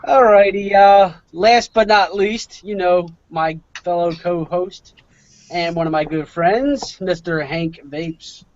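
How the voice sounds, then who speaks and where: High-voiced South Philly man, crude. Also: slow pace, dry recording. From Philadelphia, USA. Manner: crude and laughing often. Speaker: podcast host. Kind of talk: casual podcast chat. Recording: muffled lo-fi with faint hiss.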